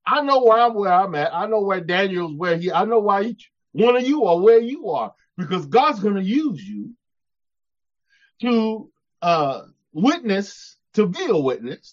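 A man's voice: sits high, fairly bright tone. A man preaching a sermon, emphatic, telling a personal story and calling out to his congregation. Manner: emphatic, calls out "hello" to the congregation. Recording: dull lo-fi sound.

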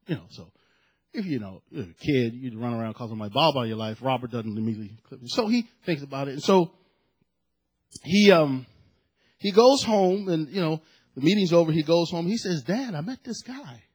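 A man preaching a sermon, telling a family story in a chatty, animated way with asides before reading and explaining scripture. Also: a little high, fairly quick, husky. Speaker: pastor.

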